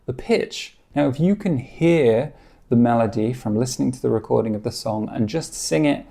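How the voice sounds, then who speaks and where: A man gives a guitar lesson in a gravelly, mellow voice. He explains calmly and encouragingly, counting out beats and singing short bits of melody to demonstrate. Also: mid-range voice, normal speed. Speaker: guitar teacher.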